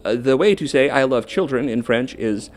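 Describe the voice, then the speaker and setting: A man's voice: medium pitch, expressive, moderate pace. A man narrating a video script in a wry, dryly ironic manner.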